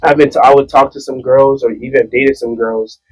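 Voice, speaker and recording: A man's voice: medium pitch, steady tone, a little fast, a little mellow, breathy edge, rough recording. A young man on a casual podcast, sharing reflective thoughts about people who hurt others. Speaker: podcast co-host.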